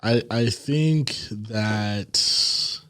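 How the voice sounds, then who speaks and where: Young adult male co-host, lowish and reflective, hesitant delivery, dry close mic. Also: drawn-out words, pushed and bright, no room sound. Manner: reflective, hesitant, restarts sentences. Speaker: podcast co-host. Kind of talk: casual chat.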